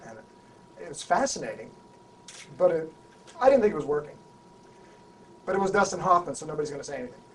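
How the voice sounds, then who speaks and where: A man, an actor being interviewed, tells an anecdote in an animated way, restarting and repeating words as he goes. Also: a little high, fast talker, pauses often. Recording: voice a bit far from the mic, faint background hum.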